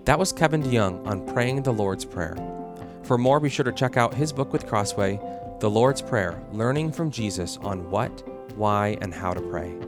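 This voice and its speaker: A man's voice: lowish voice, expressive, moderate pace. A male podcast host who asks the guest questions and then reads the show's closing announcements. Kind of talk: interview questions and scripted outro. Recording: podcast with guitar music behind.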